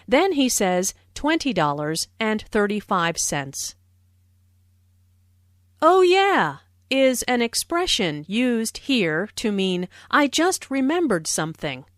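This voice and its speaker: A woman giving scripted English language notes, explaining phrases clearly and deliberately. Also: mid-range voice, no room sound, studio quality. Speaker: English teacher. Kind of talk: scripted language-lesson narration.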